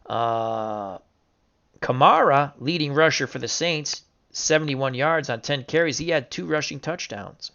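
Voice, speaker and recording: A man giving casual play-by-play commentary on simulated football games, excitable and bursting into shouts over big upsets. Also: mid-range voice, a little slow, vocal fry, muffled recording. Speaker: video game sim commentator.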